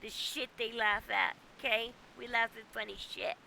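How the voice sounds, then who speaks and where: A woman's voice: a little high, steady tone, normal speed, gravelly, sharp tone, a little hiss or hum. A woman game streamer ranting casually at home, exasperated and often ending with "okay?". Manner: exasperated, keeps tagging "okay?". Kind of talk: casual livestream rant.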